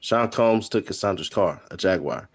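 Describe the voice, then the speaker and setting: A man with a fairly low voice reads courtroom exchanges aloud, line by line. He voices each speaker's lines in turn and breaks off for short joking asides. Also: moderate pace, husky. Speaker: host. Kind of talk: reading court transcript updates.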